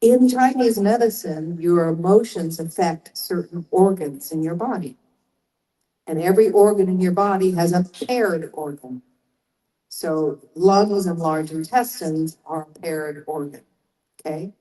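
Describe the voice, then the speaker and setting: A woman's voice: lowish voice, unhurried, warm tone, low-quality recording. An older woman speaking as a guest on a convention panel, explaining things in a chatty way and turning to the audience with asides. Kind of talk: live panel storytelling.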